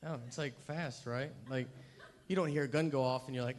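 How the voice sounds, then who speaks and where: A man performs stand-up in an unhurried, deadpan drawl. He drifts through long, self-mocking stories, trailing off and restarting as he goes. His voice sits at an ordinary, middle pitch for a man. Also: noisy background. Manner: deadpan, rambling storytelling with self-deprecating asides. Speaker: stand-up comedian. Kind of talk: stand-up comedy.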